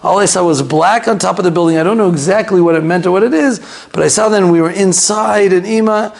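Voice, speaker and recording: A man's voice: sits high, fast talker, vocal fry. A man voicing a frightened young girl who pleads with her mother about a dream. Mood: pleading. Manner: pleading, insistent.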